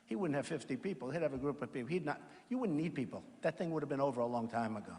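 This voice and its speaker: A man's voice: medium pitch, lively intonation, rapid-fire, darkish tone, slightly rough. A man giving a campaign rally speech in a large packed auditorium, rambling and repetitive, reading out quotes and then riffing on them. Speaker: campaign speaker. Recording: long reverb of a big hall. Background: crowd in a large hall.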